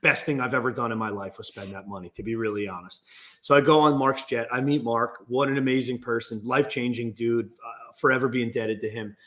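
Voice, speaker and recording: A man guest speaks in a casual interview at an ordinary mid pitch. He tells his stories in an animated, restless way and keeps pushing ahead. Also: fairly quick. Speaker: guest business owner.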